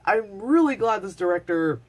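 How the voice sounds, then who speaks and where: A woman's voice: medium pitch, moderate pace. Rambling woman reviewing a movie. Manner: rambling, full of "like" and swearing; excitable, acts out scenes in voices. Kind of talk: casual spoken movie review. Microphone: phone.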